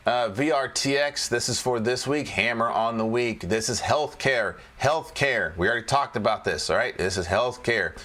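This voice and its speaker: In this casual screen-share walkthrough, a male trading educator with a mid-range, slightly bright voice moves at a moderate pace with almost no pauses. He goes through stock charts chattily, repeating himself and cracking jokes he laughs at alone.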